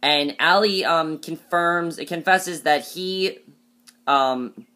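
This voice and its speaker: A man's voice: fairly high pitch, slow pace, sharp tone. A man recapping a TV episode in a casual, chatty way, with many fillers and restarts and emphatic opinions. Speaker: TV episode reviewer.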